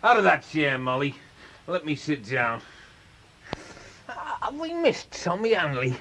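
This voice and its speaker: A bellowing, drunken older dad with a Liverpool accent, in a radio play. His voice is bright and hard-edged and swings wildly up and down. He coughs and bullies his way through every line. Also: on the high side, big pitch swings, a little slow, slight background noise, exaggerated voice. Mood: drunken, belligerent. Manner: shouting, bullying, with coughing fits. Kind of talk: radio drama acting.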